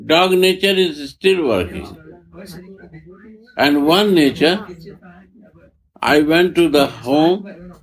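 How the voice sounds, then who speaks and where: A man giving a spiritual discourse in halting, repetitive English, often restarting his phrases. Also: on the high side, lively intonation, poor audio. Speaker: spiritual teacher.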